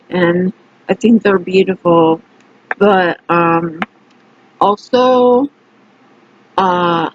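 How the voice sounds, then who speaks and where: A woman voicing a young man who talks haltingly, with lots of filler words, in a lower voice than her own. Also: slightly rough, muffled recording, full character voice. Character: mumbling young man with an odd wish.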